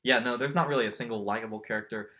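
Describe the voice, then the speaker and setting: A male podcast co-host trades easy jokes in casual chat, laughing freely and often stumbling over words and repeating them. His mid-range voice is bright and forceful, and he races along.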